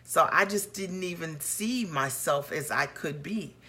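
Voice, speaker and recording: A woman's voice: low voice, a little slow, pushed and bright. A woman business coach hosting a live broadcast, speaking in an earnest, personal and encouraging way and greeting viewers as they join. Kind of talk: motivational live-stream talk.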